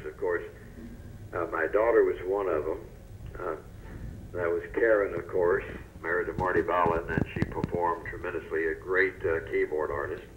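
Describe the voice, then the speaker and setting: An older man with a very low, deep voice recalls his broadcasting days in a folksy, unhurried way, often trailing off softly. The sound is dull and lo-fi, like an old radio recording. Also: a little hiss or hum. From North Carolina, US. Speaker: interview guest, retired newscaster. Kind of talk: relaxed storytelling interview.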